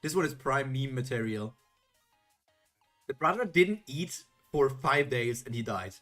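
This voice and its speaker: A woman's voice: a bass voice, expressive, a little slow, fairly bright tone, soft background music. Playful woman reading rhymes theatrically. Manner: playful, theatrical, jokey asides. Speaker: streamer. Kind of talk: reading old children's rhymes aloud with comments.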